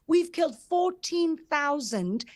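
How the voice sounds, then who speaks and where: English-accented woman spokesperson, really high voice, insistent, talks over ppl. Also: animated, takes it slowly. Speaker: government spokesperson. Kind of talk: televised debate.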